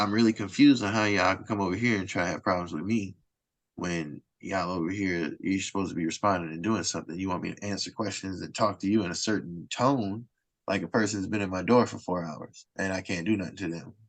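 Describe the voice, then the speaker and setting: A stand-up comedian telling a story in a rambling, indignant way. His voice sits a little low and has a gravelly rasp. The recording is dry and close. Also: no room sound. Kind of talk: casual storytelling in conversation. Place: Los Angeles.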